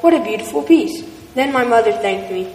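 A woman's voice: a little high, lively intonation, a little fast, a little mellow. Woman reading a story from across a hall. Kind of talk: first-person story reading. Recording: distant voice in an echoey hall with faint noise.

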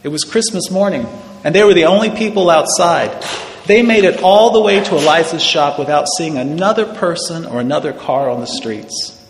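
A man's voice: a little high, normal speed. Man reading a story in an echoey hall. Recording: echoey hall with long reverb and faint noise.

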